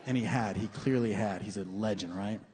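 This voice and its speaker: A young man doing a stand-up comedy set, animated and mocking, with loud comic outbursts and put-on voices. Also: fairly low pitch, fairly quick. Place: comedy club stage with a laughing audience. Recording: long hall reverb, faint room noise.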